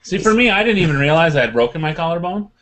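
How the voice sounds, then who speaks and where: A man on a casual podcast, excitedly telling a story and acting out the quotes with plenty of laughter. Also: a little high, rapid-fire. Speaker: podcast guest.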